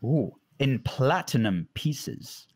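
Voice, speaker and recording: Guy dm'ing a tabletop game, slow and lively, does lots of voices. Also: medium pitch, husky. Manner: slow, animated storytelling, plays many voices. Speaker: dungeon master.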